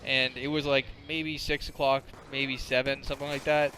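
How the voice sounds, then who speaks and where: Bright-voiced young man rambling over gameplay. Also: medium pitch, flat delivery, moderate pace, slight background noise. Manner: rambling, crude, full of filler words. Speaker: gaming commentator. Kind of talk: casual gameplay commentary storytelling.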